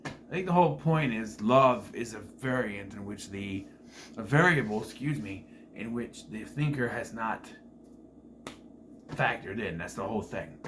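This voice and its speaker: Talking a little slowly in an expressive, low-leaning voice, a man chats his way through a TV season review. It's full of fillers, self-corrections, and the odd wry, incredulous remark, with background noise present.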